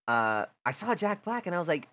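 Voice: mid-range voice, very animated, brisk, fairly bright tone. A podcast host leading a casual chat, laughing often and talking in a loose way.

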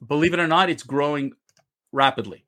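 Impassioned high-voiced Canadian man ranting. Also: fairly quick, fairly bright tone. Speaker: co-host. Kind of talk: heated debate.

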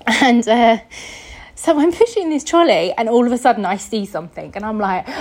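A woman's voice: fairly high pitch, lively intonation, normal speed, a little mellow, rough recording. Chatty English woman telling a story. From England. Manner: chatty, acts out quoted voices, laughs often. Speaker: podcast host. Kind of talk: casual storytelling.

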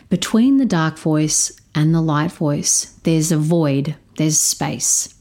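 A woman telling a story about parenting her stepdaughter, speaking in a slow, measured, reflective way. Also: low voice, dark tone. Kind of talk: storytelling talk.

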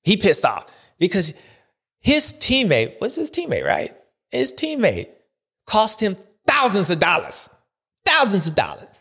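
A male host riffing through casual commentary, slangy and joking. His voice sits a bit high and swings widely in pitch. He keeps breaking into quick impressions of other people. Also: huge pitch swings, vocal fry, a bit bright, breathy edge.

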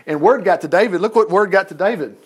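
A man with a high-pitched voice walks through a Bible story at a casual study. He reads the verses, then breaks off into folksy jokes and asides. His delivery swings between loud, emphatic bursts and low mutters. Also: fast talker, husky. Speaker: Bible teacher.

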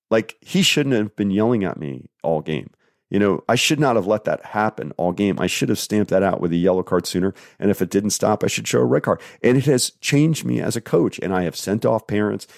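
A man's voice: lowish voice, vocal fry, a little mellow, dry recording, studio quality. A man in his forties hosting a casual podcast, telling stories earnestly and with animation, often using fillers. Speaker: podcast host and soccer referee. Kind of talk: casual solo podcast talk.

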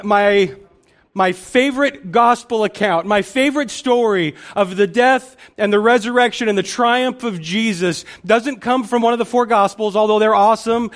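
A man's voice: sits high, a bit bright. A male pastor giving a conversational sermon, often restarting and repeating words as he thinks aloud.

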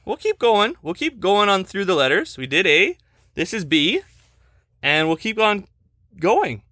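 A woman's voice: medium pitch, very animated, unhurried, a bit bright, no echo, clean studio sound. A woman hosting a casual podcast chat with a child, speaking in a patient, coaxing, teacherly way into a desk microphone. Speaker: podcast host.

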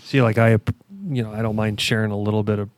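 Low-voiced rambling enthusiastic podcast host. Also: male voice, level tone, fast talker. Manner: enthusiastic, rambling, with many restarts. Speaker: podcast host, construction contractor. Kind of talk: casual podcast chat.

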